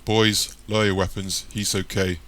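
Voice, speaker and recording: A man voicing a calm, tough gang leader in an audiobook. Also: on the low side, moderate pace, close to an everyday voice. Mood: firm.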